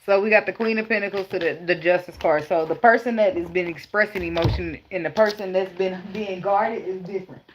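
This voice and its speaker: A woman's voice: lowish voice, fairly quick, hardly any pauses, a little hiss or hum. A woman, talking bluntly and profanely about parenting while giving a casual tarot reading. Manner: blunt, profane, laughing, animated storytelling. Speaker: tarot reader. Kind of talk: casual spiritual advice vlog.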